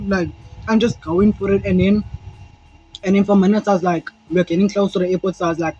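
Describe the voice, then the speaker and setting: A young South African man telling a rambling, animated story to camera, swearing freely and acting out moments as he goes. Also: sits high, quick pace, husky. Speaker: vlogger. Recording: dull lo-fi sound with faint music.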